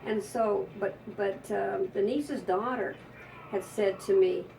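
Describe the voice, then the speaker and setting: A woman's voice: medium pitch, takes it slowly, creaky, mellow, far from the mic, slight background noise, rough recording. A woman psychic telling an emotional, rambling story in a conversational interview, often restarting her sentences.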